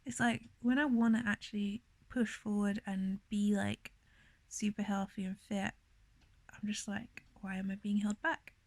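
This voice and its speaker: A young woman talks straight to the camera in a rambling, tearful vlog, trailing off and restarting as she goes. Her voice sits at an ordinary middle pitch and sounds dry and close. She is holding back tears. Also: level tone, a little slow, no room sound. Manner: rambling, emotional, many fillers and laughs. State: emotional, near tears. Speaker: vlogger. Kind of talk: casual confessional vlog.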